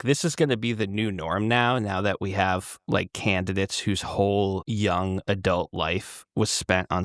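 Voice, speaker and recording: A man co-hosting a casual political podcast, relaxed and explanatory, with lots of "like". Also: lowish voice, no echo, studio quality. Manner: relaxed, explanatory, says "like" often. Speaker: podcast co-host.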